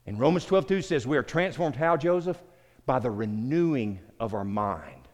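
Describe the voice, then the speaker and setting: A middle-aged pastor from the American South, mid-range and very animated at a normal speed, leads a small group through a conversational sermon. He repeats words and calls people by name, with long hall reverb behind him.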